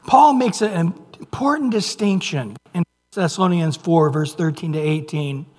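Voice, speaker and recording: A man preaching a sermon, dropping to near whispers and rising to loud emphasis, drawing out scripture slowly. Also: a little high. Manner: reads scripture aloud with slow, drawn-out phrases. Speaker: pastor. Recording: long reverb of a large hall.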